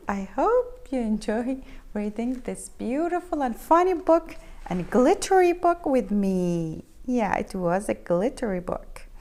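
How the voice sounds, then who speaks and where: A woman reading a picture book aloud to young children, with chatty asides and soft laughs between lines. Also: medium pitch. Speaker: storybook reader.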